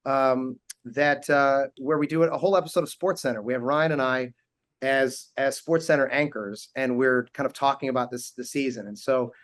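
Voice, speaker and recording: A man in his forties, a guest on a talk show, telling animated funny stories and laughing often. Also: mid-range voice, moderate pace. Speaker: guest, actor and team owner. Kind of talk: casual interview storytelling.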